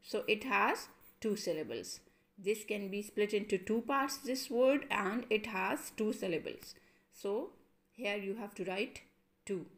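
Slow woman teacher drilling syllables. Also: mid-range voice, lively intonation. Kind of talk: classroom lesson.

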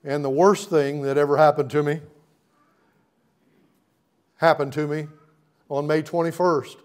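A middle-aged male pastor preaches a sermon in a church sanctuary. His voice sits a bit high for a man, and he builds intensity through repeated, emphatic phrases. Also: fairly even intonation, unhurried. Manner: preaching with rising, emphatic repetition.

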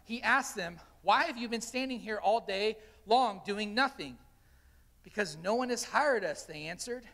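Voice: mid-range voice, lively intonation, measured pace, a bit bright, in a large hall. A pastor preaching a sermon, telling stories and animatedly acting out the quotes. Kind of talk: sermon with storytelling. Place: church sanctuary.

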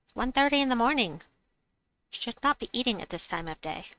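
Bright, playful woman streamer. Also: a little high, lively intonation, fairly quick. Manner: chatty and playful, with laughs, scat sounds and silly noises. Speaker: livestream host. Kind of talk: casual gaming stream chat.

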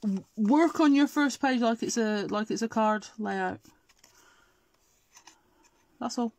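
A woman's voice: a little high, slow, darkish tone. A middle-aged woman with an English accent, hosting a live crafting demonstration and chatting to viewers while she works. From Scotland. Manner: chatty, answers viewer comments while working. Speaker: craft show host.

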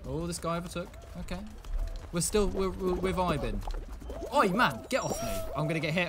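A young man giving live gameplay commentary, excitable, swinging from muttered asides to yelling at the game. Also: sits high, normal speed, noisy background. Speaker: gaming video creator.

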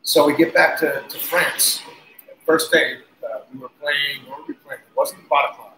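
A man guest on an interview, telling casual, animated stories with laughs and cursing. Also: on the high side, normal speed. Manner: animated, laughing, swears freely. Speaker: guest musician. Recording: roomy echo, faint noise.

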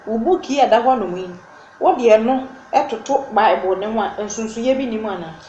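A woman hosting an interview, prompting her guest with short questions. Her voice sits a little high and sounds mellow. The recording is dull and roomy, with faint noise underneath. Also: moderate pace. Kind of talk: casual interview in Twi.

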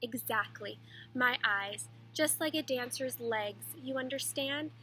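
Gruff, bad-tempered old painter, half blind, read by a woman for a storybook. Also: very high-pitched, slow pace, slight background noise, exaggerated voice, poor audio. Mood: gentle. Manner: gruff, curt, then softening. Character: old, irritable, nearly blind male painter.

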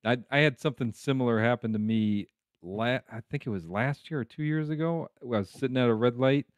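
A man's voice: mid-range voice, brisk, clear, resonant tone, no echo, studio quality. A man hosting a motorcycle live stream, asking questions and reading the chat in a casual, friendly way.

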